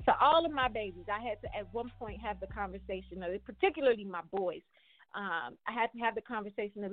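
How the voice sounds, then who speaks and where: A middle-aged woman hosting a show, talking casually to viewers in an animated, conversational way with slang and quick restarts. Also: mid-range voice, no room sound. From United States. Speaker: host. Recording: phone-like line, dry.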